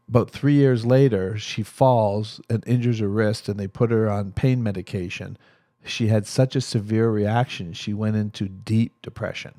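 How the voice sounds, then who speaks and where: Low, mellow-voiced man telling a story. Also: no room sound, clean studio sound. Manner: animated storyteller acting out quoted voices. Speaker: guest, therapist. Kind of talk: storytelling interview talk.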